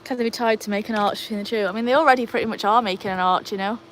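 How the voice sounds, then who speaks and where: A woman's voice: medium pitch, racing, fairly bright tone, a little hiss or hum. A woman hosting a casual livestream in her garden, chatting to viewers while fussing over her dogs. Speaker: livestream host. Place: outdoor garden.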